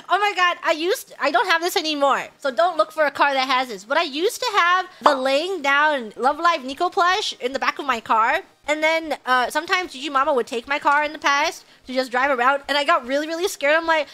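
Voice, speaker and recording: A young woman chatting with her stream about a story. She tells it in an excitable way, laughing often and breaking into loud outbursts. Her voice is very high and bright. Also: moderate pace. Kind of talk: casual chat.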